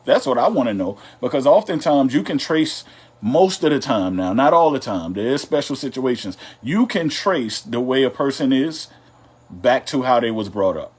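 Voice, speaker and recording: Male co-host of a live couples chat show, middle-pitched, easygoing and teasing. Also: lively intonation, moderate pace, darkish tone, husky. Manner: loose, drawling, teasing and conversational. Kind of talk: casual live-stream chat.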